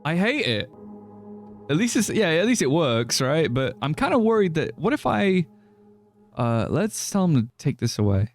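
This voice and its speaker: A man's voice: on the high side, sing-song, normal speed, soft background music. A man narrating his own game playthrough with dry jokes and the odd curse. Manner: dry joking, swears, shouts in alarm at game events. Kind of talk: wry game narration mixed with live stream reactions.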